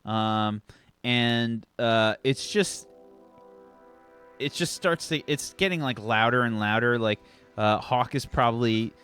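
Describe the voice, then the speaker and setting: A man's voice: mid-range voice, slow, a bit bright, clear, resonant tone, faint music behind. A man narrating as game master, rambling through descriptions with lots of "like" and restarts. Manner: rambling, full of "like" and restarts, laughs along.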